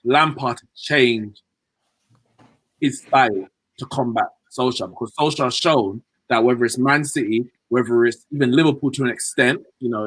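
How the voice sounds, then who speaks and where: A man giving animated, joking football opinions as a podcast co-host. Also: mid-range voice, husky, no echo, low-quality recording. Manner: animated, joking, uses fillers. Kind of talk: casual chat.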